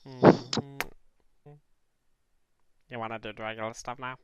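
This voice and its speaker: A man's voice: medium pitch, level tone, slow pace, smooth, no echo. A man co-hosting a podcast in casual comedic chat, affectionate and giggly. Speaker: podcast co-host.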